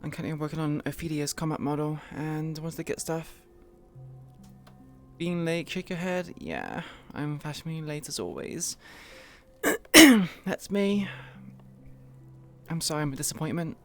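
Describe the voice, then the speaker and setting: Low-voiced woman streamer just chatting into her mic, swears a lot, laughs at herself. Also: expressive, normal speed, a little mellow, faint music behind. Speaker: streamer hosting a roleplay show. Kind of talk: casual live-stream chat. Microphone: own streaming microphone.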